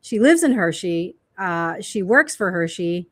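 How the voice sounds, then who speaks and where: A woman's voice: lowish voice, unhurried, no echo. A woman co-hosting a podcast, telling stories and asking her guest questions in casual chat. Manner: lively storyteller, asks questions. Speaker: podcast co-host.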